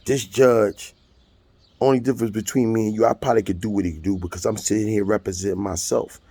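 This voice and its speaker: Man, fifties, husky, rough-edged voice, blunt profane storyteller. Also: lowish voice, a little fast. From United States. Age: 50s. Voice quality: gravelly and husky. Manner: blunt, profane, animated retelling. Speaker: storyteller recounting a court hearing. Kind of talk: casual monologue.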